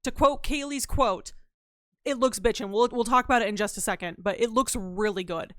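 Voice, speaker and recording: A woman's voice: fairly high pitch, normal speed, no room sound, clean studio sound. A woman streamer chatting casually and playfully with her live chat, teasing and slipping into silly voices.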